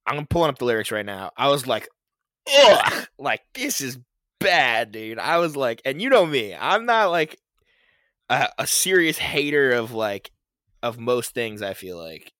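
A man's voice: mid-range voice, big pitch swings, moderate pace, a bit bright, no room sound. Rambling podcast guy in a dry room. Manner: rambling, laughs, many fillers. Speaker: podcast co-host. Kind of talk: casual music review chat.

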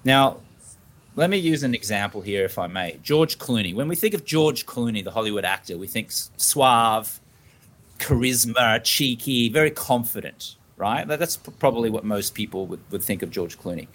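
A man's voice: medium pitch, expressive, normal speed, a bit bright. A man with an Australian accent, a podcast guest who talks casually and animatedly, acting out little scenes as he makes his point. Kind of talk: casual interview talk.

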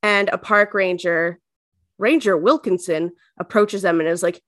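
A chatty woman co-host talking through an episode recap in a relaxed, filler-heavy way. Her voice sits at an ordinary middle pitch. The recording is close and dry. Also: no echo. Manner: chatty, lots of fillers, quick bursts. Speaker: podcast co-host. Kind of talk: casual recap chat.

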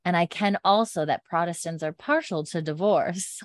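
A woman reading out the lines of a shrewd elderly Highland matriarch, using old Scots words like ken and bairn. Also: normal speed, close to an everyday voice. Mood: scheming.

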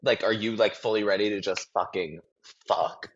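A young man co-hosting a podcast, teasing his co-host in quick casual banter. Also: fairly low pitch, fairly even intonation, breathy edge, highs cut off. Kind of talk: casual chat.

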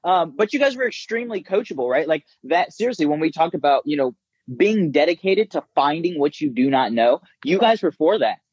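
A man who works as a business coach, talking casually and telling stories with lively impressions of others. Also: a little high, a little fast, slightly rough, no room sound, highs cut off. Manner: animated storyteller, mimics voices. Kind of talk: casual conversation.

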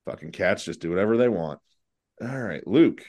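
A man's voice: low voice, animated, normal speed, darkish tone. A man hosting a casual trivia podcast, joking around and swearing now and then. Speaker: quiz host.

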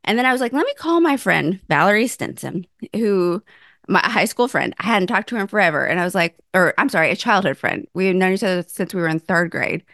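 A woman in her thirties tells her story in a casual chat, lively and expressive, often jumping into a high, acted-out voice when she quotes herself or others. She swears freely and talks through close, dry studio sound with no room echo. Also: fairly quick. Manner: animated, acts out her own quotes with big pitch jumps, swears freely.

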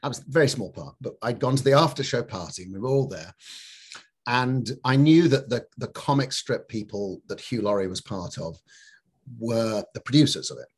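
A man's voice: mid-range voice, lively intonation, normal speed, husky. A middle-aged man from Scotland with a light Scottish accent, chatting as an actor guest, rambling and laughing often. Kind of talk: casual interview chat.

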